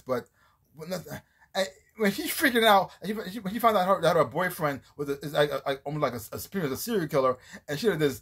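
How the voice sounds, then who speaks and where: A man's voice: fairly high pitch, lively intonation, quick pace, fairly bright tone, breathy edge. A man giving a casual, rambling review of a TV series, often restarting his sentences and acting out scenes as he retells them. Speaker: TV show reviewer.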